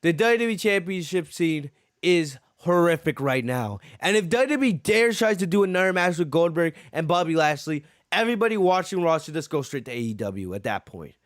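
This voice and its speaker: High-voiced man ranting on a podcast. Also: sing-song, brisk, no echo, studio quality. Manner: ranting, repeats himself, profane. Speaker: podcast host. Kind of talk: heated wrestling show review.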